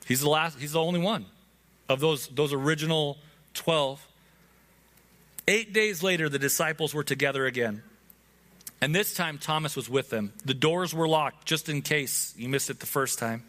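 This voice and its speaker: A man's voice: fairly high pitch, a bit bright. A man preaching an Easter sermon as pastor, in an earnest, conversational way, speaking directly to his congregation. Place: church hall before a congregation.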